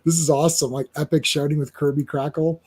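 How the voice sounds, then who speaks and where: A man hosting a casual comic book chat, animated and quick to act out dialogue in silly voices. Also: fairly high pitch, slightly rough. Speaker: podcast host.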